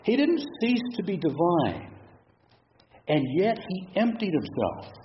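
A middle-aged man preaches in a church, pausing often to put questions to his listeners in a reflective way. His voice sits a little high for a man. The recording is slightly dull with a faint hiss behind it. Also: very animated. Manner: reflective, asks the congregation many questions. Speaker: pastor. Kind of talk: sermon.

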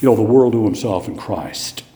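A man's voice: on the low side, normal speed, dark tone. A man preaching a sermon as pastor, in a conversational style, asking rhetorical questions and answering them himself. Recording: echoey hall with long reverb.

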